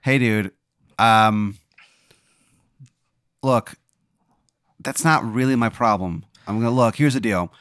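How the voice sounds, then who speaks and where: A man's voice: lowish voice, takes it slowly, pauses often, a bit bright, clean tone, no echo, studio quality. A young man on a comedy podcast, reacting to a ridiculous hypothetical with incredulous protests. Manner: incredulous, protesting, laughing along. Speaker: co-host.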